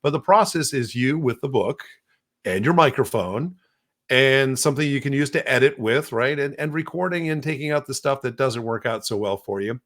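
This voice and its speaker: A middle-aged man hosts a casual podcast at an average pitch for a man. He rambles, repeats words and restarts his sentences as he explains what he is doing. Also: moderate pace, a bit bright. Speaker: podcast host.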